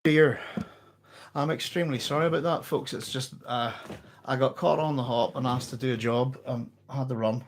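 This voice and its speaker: A man's voice: medium pitch, slight background noise. Apologetic Northern Irish man, slightly breathless. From Northern Ireland. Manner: apologetic, chatty, self-interrupting. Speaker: book club host. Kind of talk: casual live-stream chat.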